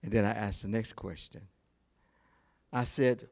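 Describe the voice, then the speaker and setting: A male pastor preaching a sermon, telling a story in a slow, deliberate way with pauses. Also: on the low side, fairly even intonation, gravelly, darkish tone.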